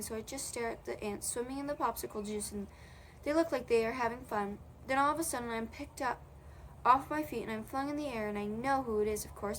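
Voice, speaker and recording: A woman's voice: high voice, a little hiss or hum. Casual woman reading a children's book. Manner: casual, with slips and self-corrections. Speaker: audiobook reader. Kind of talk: reading a children's novel aloud.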